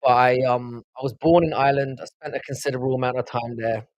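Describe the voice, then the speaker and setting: A man's voice: medium pitch, fairly even intonation, fast, no echo, dull audio. A man from London with a South London accent, hosting a casual live stream and trading rambling, profane banter with his chat. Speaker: livestream host.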